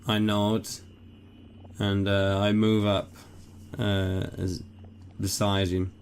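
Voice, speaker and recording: A man's voice: on the low side, flat delivery, takes it slowly, a little hiss or hum. A man playing a tabletop game, describing his character's actions hesitantly with many fillers. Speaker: player. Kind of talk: tabletop role-play.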